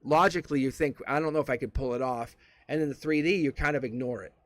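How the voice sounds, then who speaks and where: A man's voice: mid-range voice, quick pace, dry recording. A man giving a live-streamed tarot reading, motivational and repetitive, swearing casually as he talks. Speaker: tarot reader.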